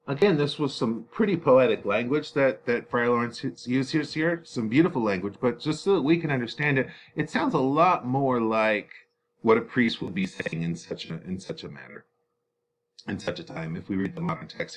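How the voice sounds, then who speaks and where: A man's voice: medium pitch, moderate pace. A man teaching, explaining a play to students in a casual, chatty way. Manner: casual and chatty, with fillers and laughs.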